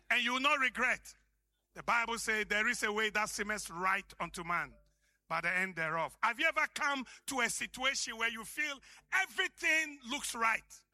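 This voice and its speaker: High, bright-voiced African preacher. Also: male voice. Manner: impassioned, shouting for emphasis. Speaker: pastor. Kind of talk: preaching a sermon.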